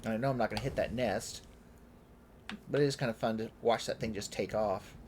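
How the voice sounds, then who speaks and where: A man's voice: lowish voice, fairly quick, slight background noise. A man casually commenting as he plays a game on stream, thinking aloud about his setup. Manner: relaxed, chatty, thinking aloud while playing. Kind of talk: casual let's-play commentary.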